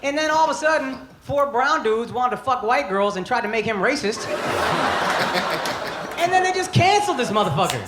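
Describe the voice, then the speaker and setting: A man's voice: extremely high pitch, expressive, normal speed. A man in his thirties performing a brash, profane stand-up comedy set on a club stage. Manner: brash, profane, punchy delivery. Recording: roomy live club recording with crowd noise. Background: loud audience laughter.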